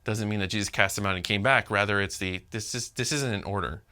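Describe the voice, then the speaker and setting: A man preaching a sermon as pastor, animated and talking directly to his congregation. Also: lowish voice, fast, clean tone. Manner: animated, talks to the congregation, acts out quotes.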